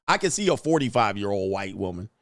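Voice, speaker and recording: A man hosting a casual livestream, talking animatedly and swinging between mocking high voices and low mutters. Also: big pitch swings, quick pace, dry recording, clean studio sound. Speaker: host.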